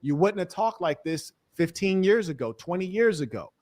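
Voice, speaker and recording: A man arguing forcefully in a livestream debate, mocking the views he opposes. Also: high-pitched, expressive, normal speed. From California-educated; black American. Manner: combative, mocking imitations.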